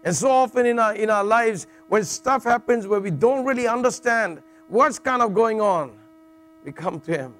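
A man's voice: sits high, expressive, moderate pace, a bit bright. A middle-aged man preaching a sermon in a jokey, conversational way, often checking in with "all right" and restarting phrases.

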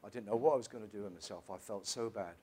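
A middle-aged man, telling his personal testimony in a church in an emotional, halting way with many restarts. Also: lowish voice, darkish tone, breathy edge. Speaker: church member giving testimony.

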